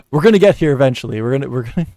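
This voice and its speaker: A man's voice: medium pitch, dark tone, dry recording, studio quality. A man doing live commentary while editing, muttering, repeating words under his breath and cursing in frustration. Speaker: commentary streamer.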